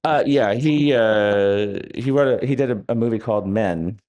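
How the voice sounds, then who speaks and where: Wry, low-voiced man telling anecdotes. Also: moderate pace, a little mellow. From United States. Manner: wry, rambling anecdotes with many hesitations. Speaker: author being interviewed. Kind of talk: live onstage interview. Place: festival stage before an audience.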